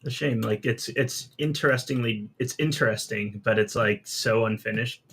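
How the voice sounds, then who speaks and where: A man talking casually in an online staff meeting, relaxed, with frequent fillers and trailing sentences. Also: medium pitch, moderate pace, breathy edge. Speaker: infrastructure staff member.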